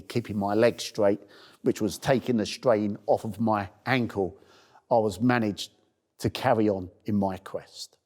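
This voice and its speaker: A man's voice: on the low side, darkish tone. A man earnestly telling a heartfelt personal story in a documentary. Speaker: first-aid campaigner.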